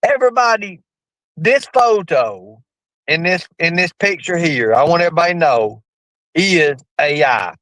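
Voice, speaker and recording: A man hosting a livestream, rambling in crude casual chat with sudden jumps in pitch. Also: expressive, moderate pace, fairly bright tone, no echo, low-quality recording. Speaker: livestream host.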